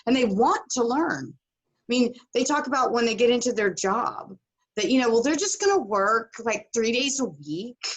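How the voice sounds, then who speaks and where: A woman's voice: a little high, normal speed. A middle-aged woman telling a story as a podcast guest, acting out the people she quotes. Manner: animated, acts out quoted voices. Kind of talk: casual storytelling.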